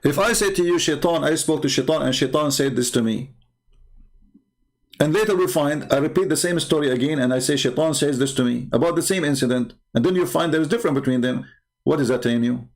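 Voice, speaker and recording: A man talks into a desk mic on a livestream, his voice rough and gravelly. He argues with himself, throws out rhetorical questions and stumbles through fillers as he searches for words. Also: fairly high pitch, fast talker. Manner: argumentative, repeats rhetorical questions, frequent filler. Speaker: online show host. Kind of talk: livestream commentary on religious texts.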